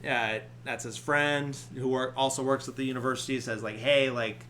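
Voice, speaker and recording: A man's voice: medium pitch, steady tone, moderate pace, bright, forceful tone, a little hiss or hum. A man hosting a podcast, casually retelling a movie plot with lots of fillers. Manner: rambling, many filler likes. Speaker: podcast host. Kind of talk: casual film recap.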